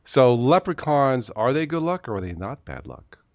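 A man's voice: medium pitch, very animated, moderate pace, a little mellow, dry recording, dull audio. A man hosting a podcast in casual chat, joking and rambling with frequent laughs. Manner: jokey, rambling, laughs often. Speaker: podcast host.

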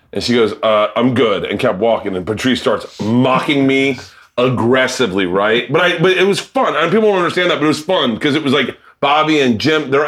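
A man's voice: medium pitch, fairly bright tone. A middle-aged man, a comedian, telling stories in casual chat, acting out quoted voices, laughing and swearing often. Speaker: comedian host of a cooking show. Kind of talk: casual storytelling among comedians.

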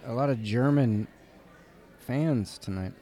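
A man's voice: mid-range voice, slow, dark tone. A man co-hosting a comedic basketball broadcast, trading dry, playful banter with his partner. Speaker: color commentator co-host.

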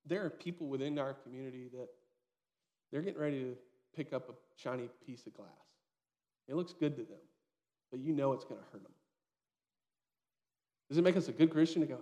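A man in his thirties preaching a sermon, telling a story with lively acted-out dialogue. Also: mid-range voice, brisk, long pauses. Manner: storytelling, animated, acts out quoted dialogue. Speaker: pastor.

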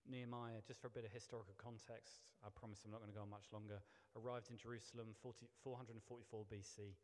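A man's voice: lowish voice, little pitch movement, fast talker. Vicar guy preaching, chatty, keeps restarting, long hall echo. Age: middle-aged. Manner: chatty, self-deprecating, with many restarts. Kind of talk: sermon. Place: church hall.

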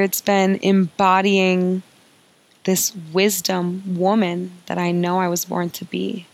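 A woman's voice: on the low side, completely flat delivery, slow pace, creaky, dry recording, low-quality recording. A woman hosting a podcast as an emotional healing coach, talking in an earnest, confiding way and repeating phrases for emphasis.

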